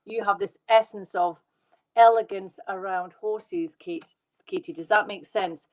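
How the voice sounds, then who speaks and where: A woman working as a medium, giving live readings to viewers in an excitable, fast, reassuring way. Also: medium pitch, poor audio. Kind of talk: live online psychic reading.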